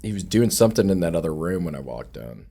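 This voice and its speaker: A man's voice: low-pitched, big pitch swings, fast, vocal fry, dark tone, slightly rough. A man hosting a casual podcast chat, teasing and laughing often. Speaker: podcast host.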